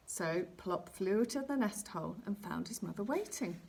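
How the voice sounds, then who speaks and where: Gentle woman reading a bedtime story. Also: mid-range voice, moderate pace, vocal fry, breathy edge. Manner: gentle, expressive narration. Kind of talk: storybook read-aloud.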